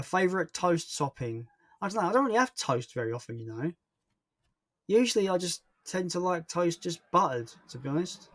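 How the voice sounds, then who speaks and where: A man's voice: a little high, fairly bright tone, dry recording, studio quality. A young man hosting a casual livestream and chatting through viewer comments in a rambling, self-deprecating way. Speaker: livestream host.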